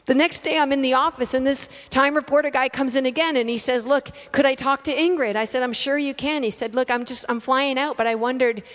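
Woman preacher, lively storyteller with self-mocking laughs, fairly high voice, long reverb of a church hall. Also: brisk, few pauses. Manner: animated, laughing storyteller with self-deprecating asides. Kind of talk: sermon storytelling.

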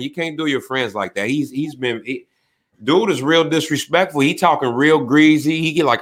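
A man hosting a show in casual chat, telling animated stories in heavy slang. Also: mid-range voice, moderate pace.

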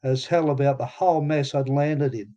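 A man's voice: medium pitch, fairly even intonation, normal speed, warm tone, highs cut off. A man with an Australian accent narrating his own story in a plainspoken, casual way with some swearing. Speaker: memoir narrator. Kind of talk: audiobook narration.

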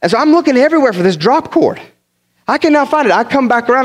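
A pastor from the northern United States preaching a sermon, telling funny stories in an animated way and often repeating his words. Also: very high-pitched, quick pace. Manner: animated, humorous storytelling with many repeated words.

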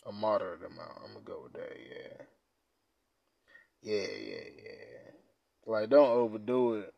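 A man hosting a casual podcast, reading quiz questions aloud and reacting in profane slang, dropping to mumbles and then bursting out loud. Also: fairly low pitch, sing-song, unhurried, vocal fry, no echo. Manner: laid-back, profane slang, swings from mumbling to loud outbursts. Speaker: podcast host.

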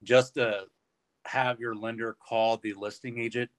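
A man's voice: mid-range voice, flat delivery, a little slow. A man, a real estate agent, chatting casually and keenly agreeing. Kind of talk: casual chat.

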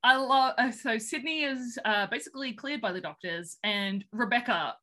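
Bright, chatty woman recapping a film. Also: fairly high pitch, normal speed. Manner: chatty, rambling, giggly, many fillers. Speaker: podcast co-host. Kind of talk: casual film recap chat.

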